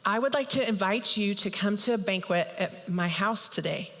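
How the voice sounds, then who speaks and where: A woman's voice: medium pitch, normal speed, a bit bright, in a large hall, close to an everyday voice. A woman voicing a wise young queen who speaks politely and persuasively. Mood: gracious.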